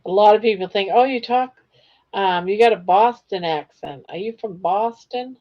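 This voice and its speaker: A woman's voice: medium pitch, normal speed, highs cut off. A woman from southern Maine with a light southern Maine accent, chatting casually on a live panel. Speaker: panel guest. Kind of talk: casual chat.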